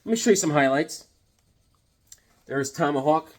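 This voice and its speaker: A man's voice: a little high, animated, moderate pace. A middle-aged man casually showing off his comic collection, enthusiastic and rambling with lots of fillers and asides. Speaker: comic book collector vlogger. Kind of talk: casual show-and-tell.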